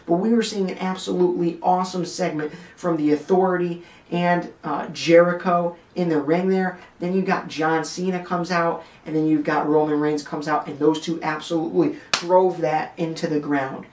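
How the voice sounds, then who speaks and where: A man's voice: fairly high pitch, steady tone, moderate pace, hardly any pauses, a little mellow, roomy sound, far from the mic. A man hosting a wrestling podcast, giving blunt, joking commentary straight to his listeners. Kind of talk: opinionated commentary rant.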